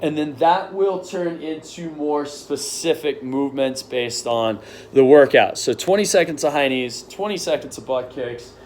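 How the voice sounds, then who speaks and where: A man's voice: a little high, a little slow, a little mellow. A man coaching at a gym, giving a casual, upbeat update and workout briefing with lots of ums. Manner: upbeat, rambling with many ums. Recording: echoey room with faint noise.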